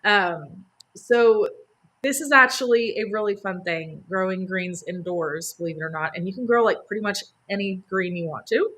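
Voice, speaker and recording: Broadcasting a live gardening stream from home by the sunroom, this woman speaks at a moderate pace with a medium pitch and a bit of brightness. She chats eagerly, laughing and using plenty of fillers.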